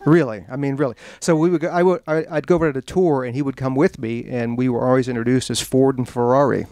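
A man's voice: mid-range voice, fast talker, a little hiss or hum. A man, an author, telling humorous stories to an audience at a bookstore event, acting out the voices of the people in his tales. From United States. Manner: animated, acts out quoted voices, self-deprecating jokes. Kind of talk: humorous storytelling talk.

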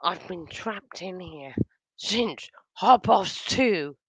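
A woman's voice: lowish voice, expressive, drawn-out words, husky, no room sound. A woman hosting a reaction video, commenting in a casual, exclamatory and sweary way.

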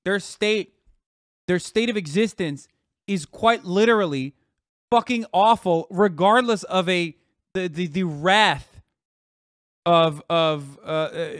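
A man's voice: sits high, a bit bright, no room sound, studio quality. A man streaming as host, giving profane heated commentary on a clip, ranting and firing rhetorical questions.

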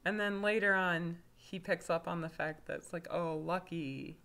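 A woman's voice: fairly low pitch, fairly even intonation, normal speed, pushed and bright. A woman giving a casual video review of a story, rambling, with lots of fillers and self-corrections. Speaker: fanfiction reviewer.

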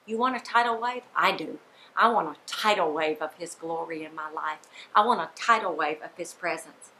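A woman's voice: low-pitched, normal speed, bright, forceful tone, a little hiss or hum. A middle-aged woman preaching a sermon to women, emphatic and repetitive, with bursts of forced laughter. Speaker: speaker at a women's ministry gathering.

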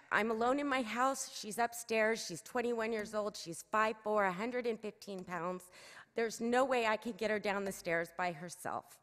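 A woman's voice: mid-range voice, measured pace, a bit bright. A middle-aged woman, giving an emotional, urgent public comment at a council meeting through a podium microphone. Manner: earnest, urgent, emotional pleading. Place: city council chamber. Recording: echoey council chamber.

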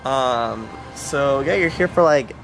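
A man's voice: slow pace, gravelly. A young man in casual vlog chat, chatty and jokey, with lots of fillers. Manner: chatty, filler-heavy, jokey, squeals into falsetto bits. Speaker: vlogger. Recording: music bed under the voice.

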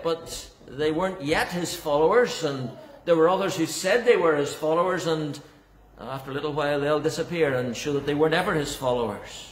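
A man's voice: fairly high pitch, a little hiss or hum. A man preaching a sermon as pastor, earnest and emphatic, often repeating words for stress. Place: church. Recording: echoey church hall.

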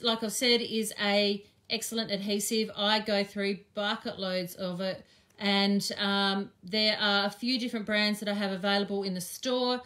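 A woman's voice: mid-range voice, pushed and bright. An Australian woman chatting and thinking aloud with frequent ums as she teaches a live craft demonstration. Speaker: craft teacher and shop owner.

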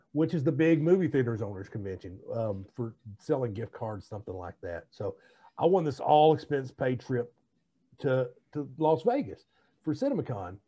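A man's voice: on the high side, dark tone, husky. Chatty podcast man, dull lo-fi sound. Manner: chatty, rambling storyteller. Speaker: podcast co-host. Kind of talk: casual chat.

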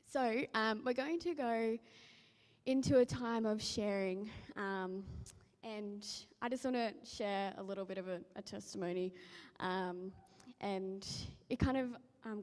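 A woman reading scripture and sharing a casual testimony in church, with lots of ums and likes. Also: a little high. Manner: chatty, many ums and likes. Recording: reverberant church hall.

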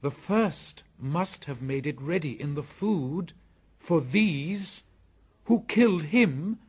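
A man voicing Mowgli, a proud, fierce boy raised in the jungle, speaking in a lively, commanding way. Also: on the high side, slow pace, breathy edge, pitched above the performer's own voice, heavily acted. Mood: earnest.

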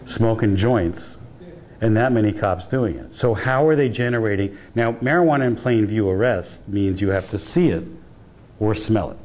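A man with a somewhat low voice lectures a university class in an easy, storytelling way. He often trips and restarts mid-sentence. A faint background noise sits under his speech. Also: normal speed, a little mellow. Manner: conversational storytelling with frequent restarts. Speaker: guest lecturer, criminology professor. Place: lecture hall.

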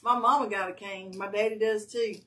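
A woman's voice: medium pitch, fairly quick, distant mic, noisy background. A woman, chatting casually as a livestream guest and telling stories with a laugh at herself. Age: 50s. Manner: lively storytelling, laughs at herself. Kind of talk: casual chat.

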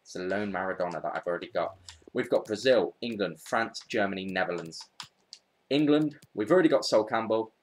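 A man's voice: fairly low pitch, fairly quick, slight background noise. A man giving casual, chatty commentary over a video game pack opening, talking straight to his viewers as he goes. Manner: chatty, excitable, talks to viewers while searching. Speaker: gaming YouTuber.

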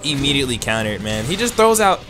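Guy playing a fighting game online, super expressive voice, roasting himself the whole time, game music going. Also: medium pitch. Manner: animated, self-deprecating, quick outbursts and laughs. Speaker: gaming YouTuber. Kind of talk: let's play commentary.

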